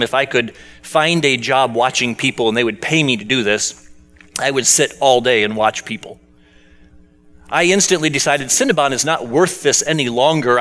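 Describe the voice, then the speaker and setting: A man's voice: medium pitch, sharp tone. A man preaching a sermon in a conversational storytelling way, asking the congregation questions as he goes. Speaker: pastor.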